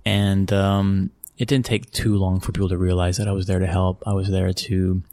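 A middle-aged American man from Texas, a sports executive telling stories as an interview guest in a relaxed, conversational way, repeating phrases and chuckling often. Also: low-pitched, moderate pace, dry recording, studio quality. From Texas, USA.

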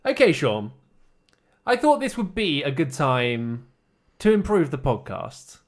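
A man's voice: on the high side, big pitch swings, a little slow. A man co-hosting a podcast, teasing his friend in casual banter. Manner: teasing, dry. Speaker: podcast co-host.

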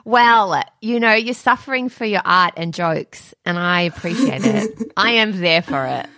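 A woman's voice: mid-range voice, lively intonation, unhurried, a crowd in the background. A woman hosting a casual interview, chatty and enthusiastic, laughing easily. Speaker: podcast host.

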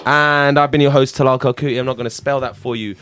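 A man's voice: medium pitch, steady tone, fast talker, fairly bright tone, smooth, no echo. A man hosting a comedy podcast, wrapping up the show with playful, chatty sign-offs. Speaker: podcast host. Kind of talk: casual chat.

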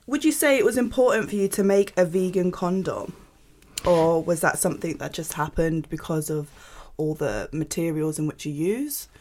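A woman's voice: on the low side, normal speed, darkish tone. A woman hosting a podcast, asking questions in a friendly, chatty way and saying "like" often. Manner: friendly, chatty, uses "like" a lot. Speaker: podcast host. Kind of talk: casual interview chat.

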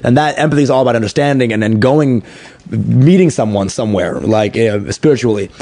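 A man, a stand-up comedian, chatting on a podcast in an animated way, swearing freely and tripping over his words. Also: medium pitch, brisk, no echo. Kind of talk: casual podcast conversation.

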